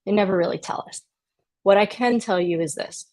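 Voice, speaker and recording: A woman's voice: medium pitch, fairly quick, a little mellow, poor audio. A woman immigration attorney explaining a legal process in a conversational way, with dry sarcastic asides. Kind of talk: explanatory talk to camera.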